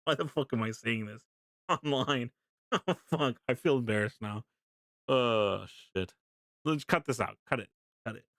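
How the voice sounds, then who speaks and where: A young male streamer tells a story to his chat in a casual, animated way, laughing often and swearing freely. His voice sits at an ordinary male pitch. It is recorded close and dry on a desk mic. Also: unhurried, pauses often, dry recording.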